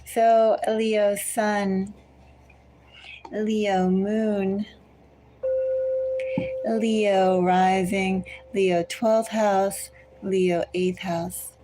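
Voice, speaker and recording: A woman giving a collective tarot reading, speaking slowly and deliberately and repeatedly addressing the listener by star sign. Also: mid-range voice, mellow, slight background noise, poor audio. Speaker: tarot reader.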